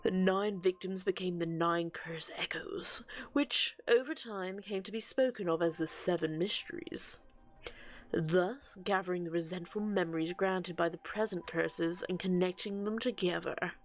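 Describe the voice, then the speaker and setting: A woman's voice: on the low side, close to an everyday voice. Woman reading a scholarly male researcher. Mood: earnest. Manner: measured, explanatory delivery. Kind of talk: reading game dialogue aloud.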